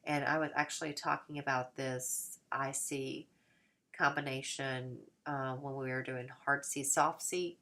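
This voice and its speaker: A woman's voice: a bass voice, fairly even intonation, measured pace, sharp tone. A woman explaining a topic in a recorded lecture, with frequent fillers and restarts as she talks it through. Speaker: teacher trainer.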